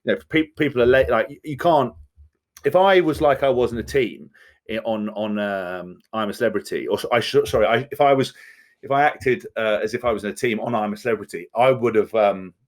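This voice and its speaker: A man in his thirties, a former rugby player from England, talking bluntly and with swearing as a podcast guest. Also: medium pitch. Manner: blunt, profane, fast-talking. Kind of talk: candid podcast conversation.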